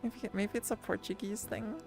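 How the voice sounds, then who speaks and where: A woman's voice: medium pitch, steady tone, normal speed, creaky, music in the background. A woman streamer chatting casually and rambling with her viewers, full of restarts and little laughs. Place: lying down at home.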